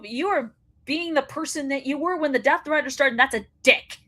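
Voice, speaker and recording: A woman hosting her own wrestling show, sounding fired up and blunt, with swearing. Her voice sits a bit high for a woman. She talks straight to her viewers. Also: fairly quick, a bit bright. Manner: fired-up ranting, blunt and profane. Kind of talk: solo commentary show.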